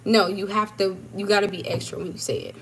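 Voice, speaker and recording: A woman's voice: medium pitch, fairly even intonation, a little fast, slightly rough. A young woman chatting casually on a livestream, answering viewers while moving around her kitchen, laughing and emphatic. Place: home kitchen.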